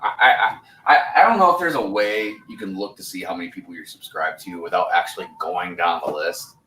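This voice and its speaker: A man's voice: sits low, fairly quick, sharp tone, reverberant, far from the mic, low-quality recording. A man in his forties hosting a casual livestream, rambling in a laid-back way, laughing easily and reading chat comments aloud. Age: 40s. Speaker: host of a building livestream.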